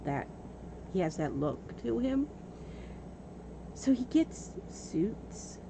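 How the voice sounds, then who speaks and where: A woman livestreaming, telling a story in a casual, animated way and often breaking into laughter. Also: a little high, very slow, gravelly, background noise. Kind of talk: casual storytelling while gaming.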